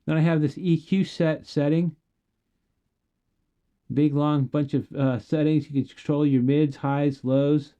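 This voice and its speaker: A man's voice: fairly high pitch, little pitch movement, unhurried, mellow, clear, resonant tone, muffled recording. A man giving a casual, jokey demo of audio gear as a reviewer, asking the listener questions as he goes. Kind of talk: product demo talk.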